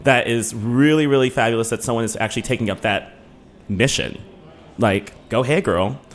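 A man co-hosting a casual podcast, excitable and chatty, quick to laugh. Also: medium pitch. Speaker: podcast co-host.

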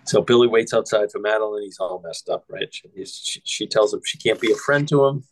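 A man's voice: lowish voice, a little fast, no room sound, low-quality recording. A man hosting a podcast, casually retelling film scenes, quoting lines and swearing freely. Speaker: podcast host. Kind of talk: casual film recap chat.

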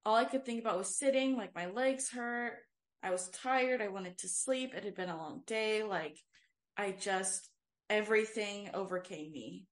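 Speaking at a normal speed in a medium-pitched voice, a young worship leader shares a personal testimony on the casual faith podcast she co-hosts. Her storytelling is sincere and wandering, crowded with "um" and frequent "like."

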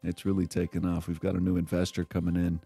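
A man playing a boastful male tugboat company owner in a tabletop game, rambling like a sales pitch with halting fillers. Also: completely flat delivery, vocal fry, mellow, breathy edge, no echo, soft background music, exaggerated voice.

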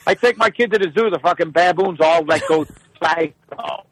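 A man ranting comically about his young daughter, animated and profane, full of exasperation. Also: fairly high pitch, normal speed, a little hiss or hum, poor audio. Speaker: guest telling stories about his daughter. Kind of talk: comedic casual storytelling.

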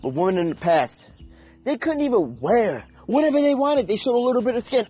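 A man's voice: sits high, sing-song, normal speed, dark tone, husky, soft background music. A young man ranting in an unscripted, heated and profane way, with emphatic delivery. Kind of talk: unscripted rant.

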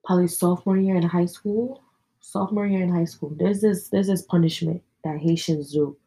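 Low, husky young woman telling stories. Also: steady tone, moderate pace, warm tone, low-quality recording. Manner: slangy, candid, sprinkled with profanity. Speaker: podcast host. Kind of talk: casual storytelling chat.

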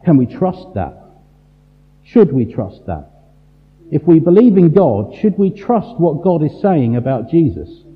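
A man preaching a sermon, emphatic and full of rhetorical questions and dramatic pauses. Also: on the high side, sing-song. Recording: tinny phone-like sound in a large reverberant hall.

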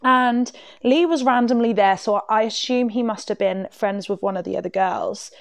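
A woman's voice: on the high side, moderate pace, dry recording. A woman hosting a podcast, telling a personal story in a candid, chatty, self-mocking way with many fillers. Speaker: podcast host. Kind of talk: casual storytelling.

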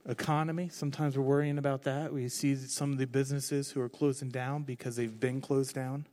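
A man preaching a conversational sermon from the stage, telling his own story candidly with lively, expressive delivery. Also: mid-range voice, fairly quick. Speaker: pastor. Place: on stage before a congregation.

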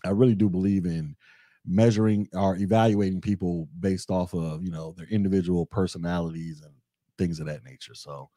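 A young man hosting a podcast, talking through his views in a relaxed, conversational way and reading chat comments aloud. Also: sits low, brisk, no room sound, studio quality. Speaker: podcast host. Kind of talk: casual commentary monologue.

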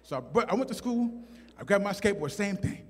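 A man tells a stand-up comedy story, acting out every voice. His high voice swings widely, with a husky edge. The sound carries a long hall reverb. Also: fast. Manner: animated, acts out voices.

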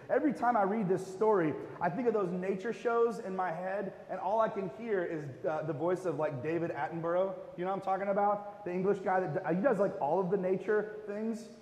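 Male pastor with a high voice, casual and chatty, long hall reverb. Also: a little mellow. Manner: casual and conversational, with fillers. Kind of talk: sermon.

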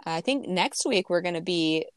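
Young woman host, chatty and laughing, lowish voice, dry close sound. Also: lively intonation, normal speed, dry recording. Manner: chatty, laughs often, many restarts. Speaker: podcast co-host. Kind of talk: casual chat.

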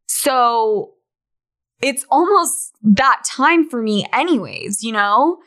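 A woman's voice: a little high, very animated, slow pace, a bit bright. Candid chatty young woman podcaster. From Utah, USA. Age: 20s. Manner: candid, chatty, laughs often. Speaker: podcast host. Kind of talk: casual monologue.

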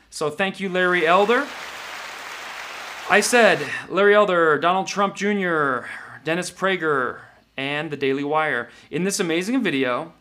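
A man with a high, bright and forceful voice hosting a comedic commentary show. He talks in a sarcastic, mocking way and lands his lines with punch. He keeps a steady, ribbing tone throughout. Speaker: host of a political commentary show.

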